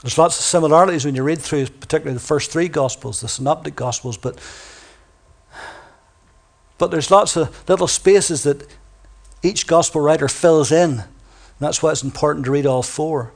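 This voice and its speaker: A man with a fairly high voice preaches a sermon in church, speaking emphatically and slowing down to stretch out the words he wants to land. When he reads scripture aloud, he turns soft and quiet.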